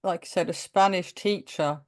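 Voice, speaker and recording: This woman's voice runs on the low side at a moderate pace. She's a primary teacher of Greek descent, appearing as a guest in a casual interview, and she tells stories with real animation, acting out the quoted dialogue and laughing often.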